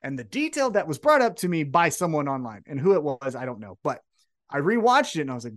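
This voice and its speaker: A man co-hosting a wrestling podcast, recapping events in an excitable, profane, casual chat. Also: a little high, quick pace. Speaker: podcast co-host.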